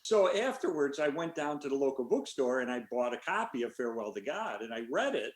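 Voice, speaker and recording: An older man, an author, answering a question in a relaxed story full of fillers over a video call. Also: mid-range voice, a little fast, roomy sound. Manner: relaxed, rambling with many fillers. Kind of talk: conversational storytelling.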